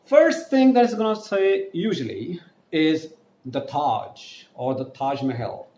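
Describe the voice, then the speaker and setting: A man's voice: fairly high pitch, big pitch swings, slow pace, warm tone. Indian man teaching French, echoey room. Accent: Indian English. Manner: repeats key points and spells words letter by letter. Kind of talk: online language lesson.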